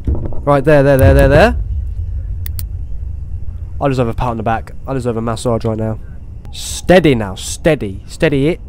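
A young man playing a horror game, talking to himself and swearing, with sudden excited outbursts. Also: mid-range voice, normal speed, long pauses. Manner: swears, talks to himself, swings between muttering and excited outbursts. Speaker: gaming YouTuber. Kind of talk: horror game let's play commentary.

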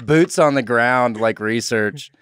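A man's voice: medium pitch, takes it slowly, background noise. A man, a comedian guest, chatting casually on a podcast in a rambling, laid-back way and laughing often.

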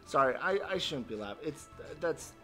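Over game music, a fairly high-pitched male streamer gives live commentary on his own gameplay. He gets excited and laughs, yelps at what happens on screen, and addresses his chat.

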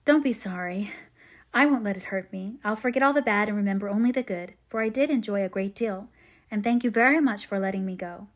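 A woman's voice: medium pitch, a little fast, close to an everyday voice. A woman reading aloud as a remorseful teenage girl confessing to her mother. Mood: earnest. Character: young woman, sixteen-ish, sweet and remorseful.

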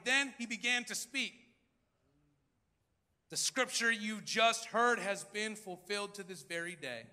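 Man, pastor, dramatic sermon, swings loud and hushed, long hall reverb. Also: high-pitched, unhurried, long pauses. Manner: dramatic, acts out crowd voices, swings between loud and hushed. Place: large church hall.

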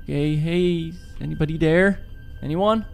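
A man doing joking, animated play-by-play commentary while playing a horror game. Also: fairly high pitch, normal speed, gravelly, faint music behind. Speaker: gaming YouTuber.

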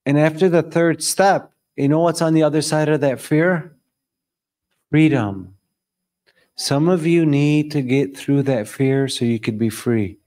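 Animated man leading a group talk. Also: on the high side, takes it slowly, pauses often. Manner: animated, storytelling, quizzing the audience. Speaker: discussion leader. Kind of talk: live group talk with audience. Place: room with a live audience.

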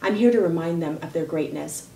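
A woman speaking as a parenting coach, giving earnest, measured advice on how to talk with children. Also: deep voice, vocal fry, dark tone. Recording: roomy echo, faint background noise.

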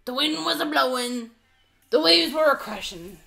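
A woman's voice: high voice, expressive, vocal fry, bright, forceful tone, heavily acted. A woman putting on a drawling rum-soaked pirate man. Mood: boastful. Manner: slow, drawling, theatrical tale-telling. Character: rum-soaked swaggering male pirate storyteller.

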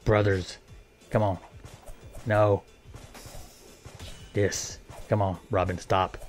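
A man's voice: lowish voice, little pitch movement, very slow, soft background music. A man casually commentating a video game, joking and talking playfully to the characters. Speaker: gameplay commentator.

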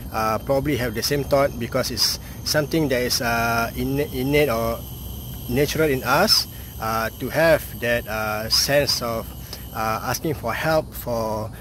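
A man's voice: medium pitch, fairly bright tone, slight background noise. A man, casually talking to the camera while climbing steps outdoors, a bit out of breath. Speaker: outdoor educator vlogger. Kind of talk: casual vlog narration while hiking. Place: outdoors on a hillside trail.

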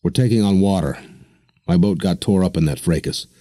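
A man doing a gruff, blunt loner sailor. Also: fairly quick, warm tone, no echo, natural voice. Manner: blunt, terse, gravelly low.

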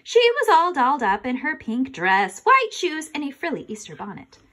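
A woman reading a children's chapter book aloud. Her voice sits high and bounces with lively, expressive swings. She reads with animated storytelling energy. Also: moderate pace. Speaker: reader.

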